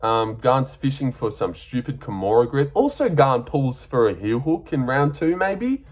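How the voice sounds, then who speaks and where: A man's voice: medium pitch, sing-song, unhurried. Blunt, profane Australian guy. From Western Australia. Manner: blunt, profane and sarcastic, with frequent ums. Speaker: MMA fight reviewer. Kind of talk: casual fight breakdown monologue.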